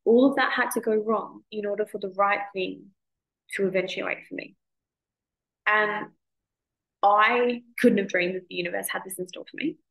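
Gravelly-voiced Australian woman podcaster. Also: mid-range voice, moderate pace, low-quality recording. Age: 30s. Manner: chatty and expressive, swears freely. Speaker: podcast host. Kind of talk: casual monologue.

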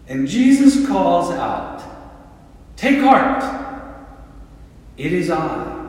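A man preaching a sermon as pastor, deliberate and full of rhetorical questions and repeated words. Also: medium pitch, slight background noise. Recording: echoey hall from a distant mic.

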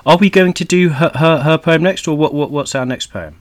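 A man co-hosting a casual chat, talking quickly with stumbling repeats. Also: a little high.

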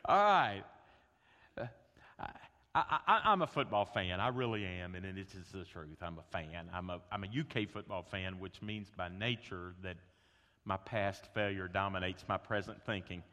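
A man preaching a sermon, an animated storyteller who swings between loud bursts and hushed tones. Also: low voice, normal speed. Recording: long hall reverb.

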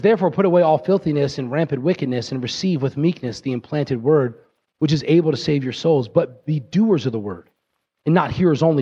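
A man preaching a sermon, talking straight to his listeners with frequent "right?" checks, climbing higher and more intense in places, then dropping low and quiet to press a point. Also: breathy edge, highs cut off. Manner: rises in pitch and builds intensity, drops low and quiet for emphasis. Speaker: pastor.

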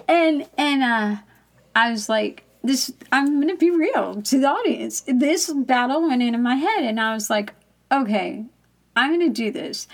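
A woman's voice: fairly high pitch, gravelly. A woman telling a candid personal story in a chatty manner, laughing often as she talks.

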